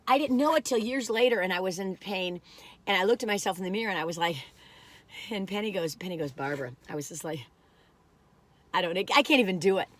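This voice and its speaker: A woman's voice: medium pitch, a bit bright. A middle-aged woman chatting casually in a meandering, folksy way while reviewing food. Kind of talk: casual rambling chat.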